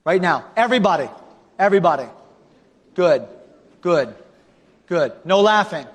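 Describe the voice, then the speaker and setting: A male pastor preaching a revival sermon with an altar call, swinging from loud shouting to hushed pleading. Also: high voice, expressive, measured pace. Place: large church auditorium. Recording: long hall reverb.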